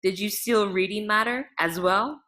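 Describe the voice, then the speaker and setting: A woman's voice: medium pitch, moderate pace, bright, forceful tone, close to an everyday voice. A woman voicing an impatient, ironic male police detective.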